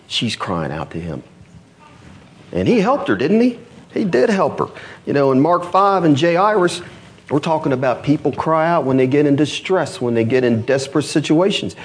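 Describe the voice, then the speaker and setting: A man preaching a sermon, telling a Bible story in an animated way, swinging from loud to hushed. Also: fairly high pitch. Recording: church service recording.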